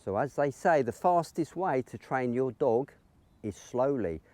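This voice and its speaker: A man teaching dog training outdoors in a field, explaining each step calmly and breaking into high, excited praise for the dog. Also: a little slow, dry recording.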